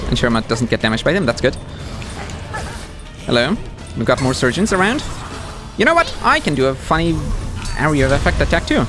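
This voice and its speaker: A man's voice: mid-range voice, fairly quick, pauses often, over music. A man doing live gameplay commentary as a streamer, talking back to the game's characters. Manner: animated, talks to the game characters.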